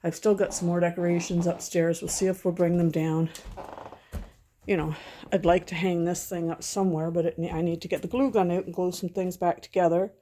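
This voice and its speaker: A woman's voice: fairly low pitch, flat delivery, a little fast, warm tone. A middle-aged woman chatting casually at home in a rambling, sentimental vlog. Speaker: vlogger. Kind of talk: casual chat.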